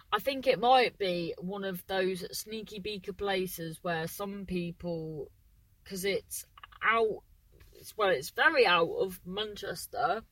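A woman's voice: medium pitch, a bit bright, no room sound, low-quality recording. Woman in her 30s, solo podcast host, rambling chatty talk, exclamatory, dry close sound. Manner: rambling, chatty, keeps breaking off mid-sentence. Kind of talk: casual solo podcast chat.

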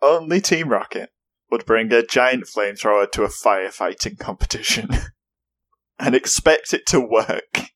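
A woman's voice: rumbling low, expressive, measured pace. A woman co-hosting a podcast in casual chat, with a wry, dramatic way of talking. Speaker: podcast co-host.

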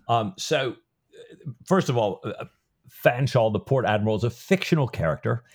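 A man's voice: medium pitch, expressive, moderate pace. A man co-hosting a podcast, casually retelling and discussing a novel's plot with lots of filler words. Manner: retells scenes loosely with many "you know" fillers. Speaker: podcast co-host.

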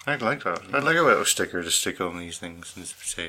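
A man's voice: low-pitched, lively intonation, fairly quick, sharp tone. A man co-hosting a podcast in casual chat, wry and jokey, often trailing into laughs. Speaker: podcast co-host.

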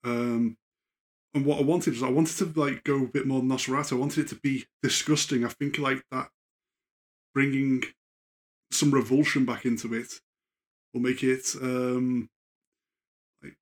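A man's voice: mid-range voice, fairly even intonation, unhurried, pauses often. A man, a guest horror writer, talking thoughtfully in casual podcast chat with many fillers.

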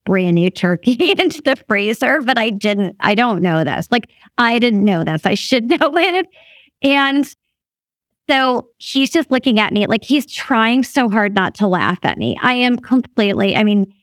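A woman's voice: on the high side, no echo, clean studio sound. A woman in her fifties telling a story in a casual chat, laughing often and acting out what others said. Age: 50s. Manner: laughs often while talking, animated quoting of others. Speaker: guest.

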